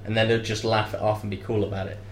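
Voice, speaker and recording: A young man co-hosting a casual comedic chat, rambling and jokey, now and then bursting into loud mock shouts. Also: on the low side, little pitch movement, fast talker. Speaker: co-host. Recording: echoey room.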